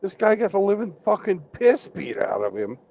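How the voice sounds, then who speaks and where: A man's voice: high voice, very animated, moderate pace, creaky, warm tone. A man in a casual podcast chat, talking bluntly and swearing often. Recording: dull lo-fi sound with faint noise.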